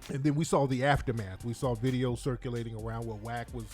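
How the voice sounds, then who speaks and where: A man's voice: medium pitch, fairly even intonation, quick pace, a little mellow, faint music behind. A man hosting a casual radio chat show, laid-back and slangy, laughing often as he talks.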